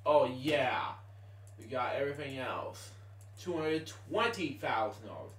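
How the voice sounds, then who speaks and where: A man's voice: medium pitch, expressive, measured pace, a bit bright, distant mic. A man giving casual gameplay commentary at home at night, muttering with exasperated groans and keeping his voice down so others can sleep. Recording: echoey room, voice off-mic.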